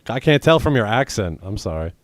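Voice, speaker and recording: Deep-voiced young man, deadpan podcast banter. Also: a little fast, no echo. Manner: deadpan, rambling, crude jokes. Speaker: podcast co-host. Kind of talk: casual comedic banter.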